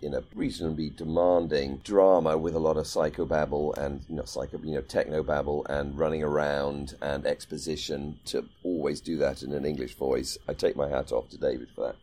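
A man with a very deep, dark, mellow voice co-hosts a podcast in loose, friendly chat. He rambles and thinks out loud, circling back with ums and restarted phrases as he works toward his point. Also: steady tone, brisk, few pauses. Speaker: podcast co-host. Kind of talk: casual chat.

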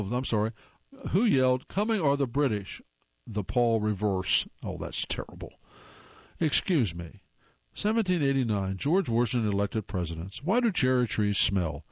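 A man's voice: fairly low pitch, a little mellow, no room sound, highs cut off. A man hosting a show, casually reading corny jokes aloud and groaning wryly at how bad they are. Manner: reads jokes then groans at them wryly.

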